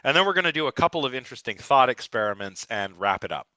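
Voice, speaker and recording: Enthusiastic male lecturer with a bright voice. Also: medium pitch, very animated, fast, no room sound. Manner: enthusiastic, rambling with restarts and "like". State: slightly scratchy voice. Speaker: philosophy lecturer. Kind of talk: live class lecture.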